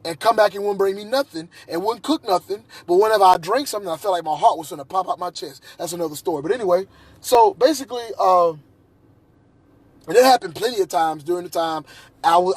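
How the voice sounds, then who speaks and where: Man, high husky voice, heated ranting monologue with restarts. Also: fast talker, no echo. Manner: agitated, repetitive, restarts often. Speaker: vlogger.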